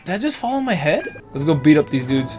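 A man streaming a video game and commenting loudly, excitable, joking and crude. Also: on the high side, fast talker. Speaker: gaming streamer. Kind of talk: let's-play commentary. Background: game music.

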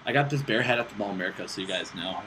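A young man hosting casual gameplay commentary, excitable and self-mocking, swearing often while playing on a laptop with friends nearby. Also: on the low side, low-quality recording. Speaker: gaming channel host. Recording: steady background noise with mouse clicks.

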